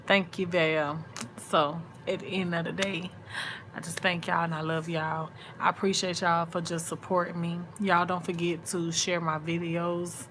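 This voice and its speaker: A woman's voice: on the low side, pushed and bright, a little hiss or hum. A woman, sleepy and chatty, talking casually to viewers in a late-night live chat. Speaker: vlog host.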